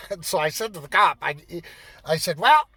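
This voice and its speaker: A man's voice: fairly high pitch, moderate pace, pushed and bright, slightly rough, no room sound. A man in his fifties telling a rambling, profane anecdote in a casual storytelling style. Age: 50s. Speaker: vlogger.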